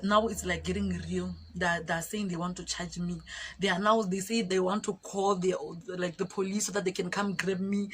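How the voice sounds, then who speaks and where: A woman's voice: on the low side, slight background noise. Laughing young woman telling a story. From Botswana. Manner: animated, laughing, chatty storytelling. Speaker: YouTuber. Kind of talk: storytime vlog.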